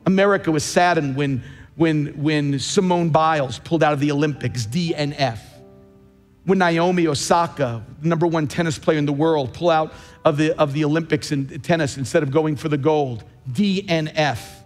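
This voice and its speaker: A man's voice: on the high side, moderate pace, big-room sound, faint music behind. A man preaching a sermon as pastor, emphatic, repeating key phrases for weight. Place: large church.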